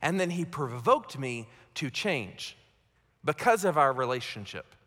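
Male pastor, sermon, conversational, self-deprecating, sharp bright tone, reverberant hall. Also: medium pitch, big pitch swings, a little slow. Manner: conversational, checks in with "okay?"; self-mocking humor.

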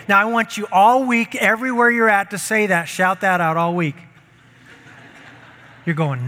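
A man's voice: sits high, animated, normal speed, bright, forceful tone, long reverb tail, slight background noise. A man preaching a sermon as pastor, speaking emphatically, repeating key phrases and leading the congregation to speak lines back. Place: church sanctuary.

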